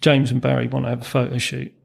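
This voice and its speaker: A man's voice: medium pitch, completely flat delivery, quick pace, gravelly, husky. A man, a former racing mechanic telling anecdotes as a podcast guest, chuckling through his stories with frequent ums and restarts. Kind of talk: storytelling in a podcast interview.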